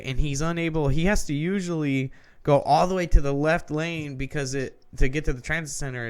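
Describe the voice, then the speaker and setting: A man's voice: medium pitch, smooth. A man co-hosting a podcast who tells a long story in a casual, rambling way, swearing often and restarting his sentences. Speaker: podcast co-host.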